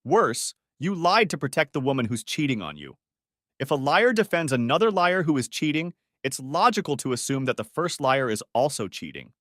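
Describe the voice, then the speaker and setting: A man's voice: fairly high pitch, sing-song, normal speed, dry recording, clean studio sound, pitched above the performer's own voice. A man acting a furious, betrayed husband. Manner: shouting, accusing. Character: angry betrayed young husband.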